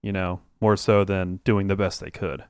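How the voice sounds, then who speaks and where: Chill guy cohosting a podcast, smooth clear voice, dry room. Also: deep voice, flat delivery, moderate pace, dry recording. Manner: laid-back, dry, steering the talk back on topic. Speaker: podcast co-host. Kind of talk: casual chat.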